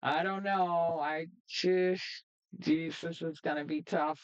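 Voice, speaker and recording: A woman streamer giving excitable, chatty live gameplay commentary. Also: deep voice, slow, clean tone, low-quality recording. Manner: excitable, chatty, laughs often.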